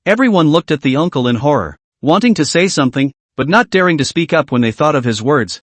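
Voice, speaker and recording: A man narrating a comic story recap, reading every character's lines in one steady narrating voice. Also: on the high side, quick pace, no room sound.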